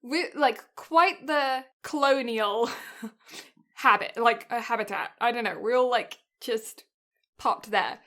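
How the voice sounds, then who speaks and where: A British woman co-hosting a podcast, telling a story in a chatty, animated way and laughing often. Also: fairly high pitch, slow. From Britain. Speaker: podcast co-host.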